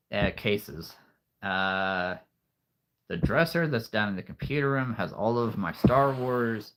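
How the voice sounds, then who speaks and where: Male livestream host, unhurried and low-pitched, rambling and chuckling, a touch breathless. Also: a bit bright. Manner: rambling, chuckles often, playful wordplay. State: a bit out of breath. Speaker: livestream host, figure collector. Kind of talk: casual livestream chat reading comments.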